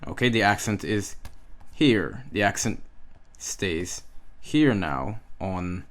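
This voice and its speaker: A man's voice: lowish voice, lively intonation, a little slow. A man giving a language lesson, patiently repeating words and checking with the listener. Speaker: Hebrew teacher. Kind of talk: slow, drilling language lesson.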